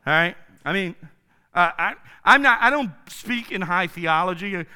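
Lively, animated male pastor. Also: sits high, moderate pace, smooth. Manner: enthusiastic, informal, slangy, dramatic swings in loudness. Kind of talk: casual sermon.

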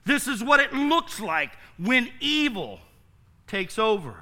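Man pastor mid-sermon, lively high voice, pressing and repeating points. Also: slow pace. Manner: emphatic, repetitive preaching with rhetorical questions.

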